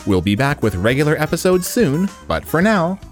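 A man's voice: on the high side, big pitch swings, normal speed, soft background music. A man whose first language is English, hosting a solo podcast lesson on Mandarin slang in a playful, chatty way with jokes and rhetorical questions.

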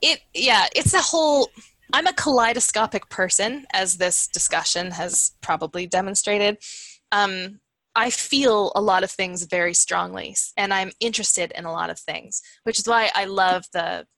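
Canadian woman, 40s, podcast guest; bright, rambling, dry close sound. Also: medium pitch, normal speed, no room sound, rough recording. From Southern Ontario, Canada. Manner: rambling, restarts often, thinks aloud. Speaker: musician guest. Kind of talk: casual podcast interview.

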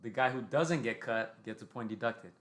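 A man's voice: medium pitch, normal speed, fairly bright tone. A man co-hosting a casual boxing podcast, recounting a fight blow by blow and checking in with "right?". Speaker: podcast co-host.

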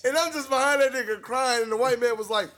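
A young man with a high, bright voice tells a story among friends in loose, profane talk. He is animated, laughs through his lines and acts out the people he quotes. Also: rapid-fire.

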